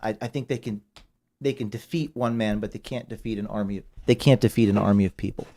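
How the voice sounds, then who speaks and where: A man speaking as a guest in an interview, emotional and halting, trailing off quietly. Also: lowish voice, steady tone. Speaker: podcast guest. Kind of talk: interview conversation.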